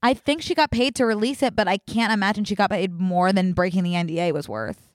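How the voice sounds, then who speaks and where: A young woman chats candidly as a podcast co-host and laughs easily. Her voice sits at a middle pitch. The sound is dry and close-miked. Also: lively intonation, fast talker, no echo. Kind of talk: casual chat.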